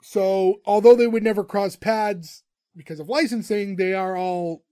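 A man recaps a TV episode in casual podcast chat, his voice sitting high for a man. He tells the story animatedly and laughs often. The sound is dry and close. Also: unhurried, dark tone, smooth, dry recording.

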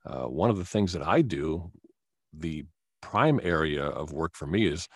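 A man's voice: rumbling low, husky, dry recording, clean studio sound. A man who works as a voice actor, telling stories as a guest in a casual interview. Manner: storytelling, animated, with quick restarts.

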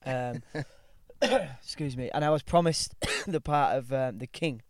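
A man's voice: medium pitch, slow pace, no room sound, clean studio sound. A young man chatting casually as a podcast guest, rambling with lots of ums, restarts and easy laughs, swearing now and then. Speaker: guest actor. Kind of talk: casual chat.

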